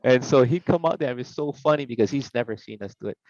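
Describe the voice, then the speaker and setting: A man's voice: mid-range voice, fast, darkish tone, dry recording. Middle-aged man, casual podcast storyteller who acts out the voices he quotes; slightly dull, dry recording. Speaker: podcast guest.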